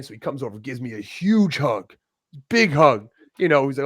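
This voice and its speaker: A man's voice: medium pitch, fairly quick, no room sound, studio quality. A young man, a wrestler guest, chatting casually in an interview, laughing often and cursing easily. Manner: relaxed storyteller, laughs often, swears casually.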